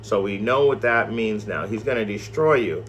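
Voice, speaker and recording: A man teaching scripture in a loose, animated way, rambling and swearing as he tells a story. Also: fairly low pitch, moderate pace, a little hiss or hum. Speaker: Bible study teacher.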